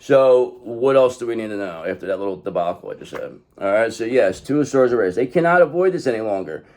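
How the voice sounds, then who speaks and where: A man's voice: fairly low pitch, animated, fast talker, darkish tone. A man giving a casual tarot card reading, blunt and profane, rambling as he talks straight to the viewer. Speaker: tarot reader.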